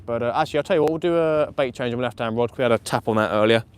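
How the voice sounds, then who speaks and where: A man commenting live on his night fishing session, chatty and excitable, laughing often, outdoors by the water. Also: medium pitch, racing, a little hiss or hum. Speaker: fishing vlogger. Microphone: camera or phone mic on a live stream.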